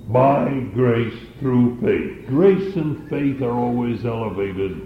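Slow, deliberate preacher man. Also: mid-range voice, reverberant, highs cut off, slight background noise. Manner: slow, deliberate Bible teaching. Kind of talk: sermon.

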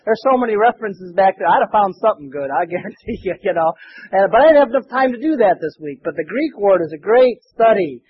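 A man's voice: high-pitched, slightly rough, dull audio. A man preaching a rambling, folksy sermon full of restarts. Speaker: pastor.

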